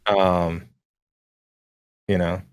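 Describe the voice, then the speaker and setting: A man's voice: low voice, flat delivery, extremely slow, smooth, dry recording, clean studio sound. Laid-back man co-hosting a gaming podcast. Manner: laid-back, laughs often, many fillers; reads chat messages aloud. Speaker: podcast co-host. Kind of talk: casual gaming chat.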